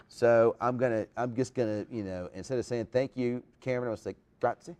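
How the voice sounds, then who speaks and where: A man's voice: medium pitch, steady tone, brisk, darkish tone, clear, resonant tone. A man hosting a casual live chat show, talking in a rambling way with lots of restarts.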